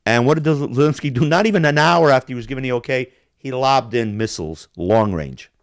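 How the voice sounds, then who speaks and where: A man's voice: mid-range voice, a little fast, no room sound, studio quality. A man ranting on a casual podcast, heated and profane, mimicking accents to make his point. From Balkans. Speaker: podcast host.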